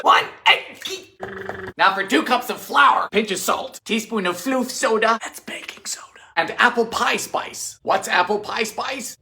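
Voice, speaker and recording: A man hosting a comedic cooking show, narrating in a theatrical, sardonic way with sudden jumps in pitch and loudness, in a home kitchen. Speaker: host of a vintage cooking show.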